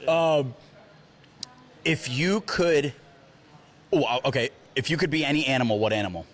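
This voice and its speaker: A man co-hosting a podcast, playful and laughing as he fires off quick questions. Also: medium pitch. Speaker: podcast co-host. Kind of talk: casual conversation.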